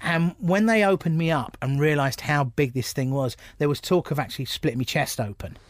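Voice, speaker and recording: A man's voice: fairly high pitch, brisk, no echo, clean studio sound. A man, a stand-up comedian, telling stories in an interview in a blunt, jokey way and acting out other people's lines. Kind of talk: casual interview storytelling.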